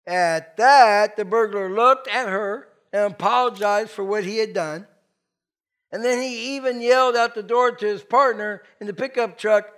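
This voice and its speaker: A pastor with a notably high voice delivers a sermon in a conversational way. His volume rises for emphasis and falls to near-murmured asides. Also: moderate pace. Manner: conversational preaching, swings from soft asides to loud emphasis.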